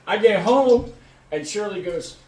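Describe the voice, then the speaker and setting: A man casually telling a crude, lively story and acting out the people in it. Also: high voice, unhurried. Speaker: podcast co-host. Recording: echoey room, mic at a distance.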